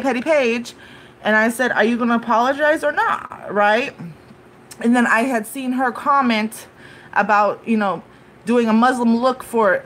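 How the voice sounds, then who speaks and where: A young woman giving unscripted live commentary on a YouTube dispute, upset and halting, with many restarts and "you know" fillers. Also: fairly high pitch, fairly bright tone.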